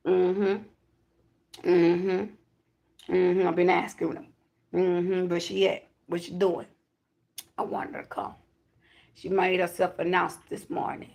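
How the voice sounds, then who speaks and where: Gravelly woman delivering a spiritual message. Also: on the low side, flat delivery, takes it slowly, long pauses, darkish tone. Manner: emphatic, repetitive declarations with casual profanity. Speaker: self-described high priestess giving a spiritual reading. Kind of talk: channeled spiritual message to viewers.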